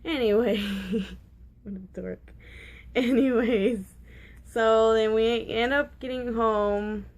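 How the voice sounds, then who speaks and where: A woman's voice: a little high, steady tone, takes it slowly. Chatty, rambling woman in her twenties. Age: 20s. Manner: rambling, chatty, frequent fillers and restarts; candid and giggly about awkward details. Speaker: vlogger. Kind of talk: casual storytelling vlog.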